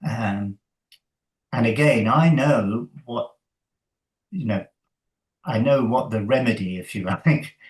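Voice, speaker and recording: A man, a coach and interview guest, talking thoughtfully in a halting way with many fillers and soft laughs. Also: medium pitch, low-quality recording. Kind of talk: conversational interview.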